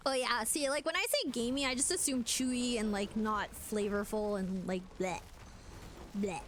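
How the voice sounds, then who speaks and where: A young woman with a high, bright voice chats casually on a game stream. She giggles easily and fills her talk with loose fillers. A faint hiss of noise sits under her voice. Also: normal speed. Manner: chatty, giggly, many fillers.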